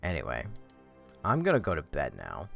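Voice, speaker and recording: A man's voice: extremely low pitch, wildly swooping pitch, normal speed, vocal fry, a bit bright, soft background music. A man ranting profanely and in exasperation while chatting on a game livestream from home. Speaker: game streamer. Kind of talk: livestream chat.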